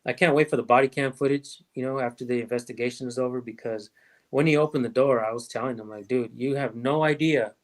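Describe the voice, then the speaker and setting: A man hosting a casual livestream chat, his voice sitting at an ordinary middle pitch. He talks in loose, rambling sentences and often trails off mid-thought. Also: steady tone, quick pace. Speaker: host of a police-accountability livestream.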